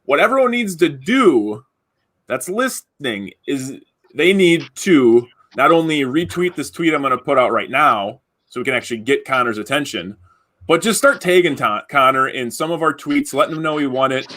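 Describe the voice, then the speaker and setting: A man hosts a casual live stream over a video call. His voice sits at an ordinary pitch. He talks in loose, rambling bursts, restarting sentences often. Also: animated, normal speed, a bit bright. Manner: rambling, many fillers and restarts. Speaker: podcast host running a giveaway.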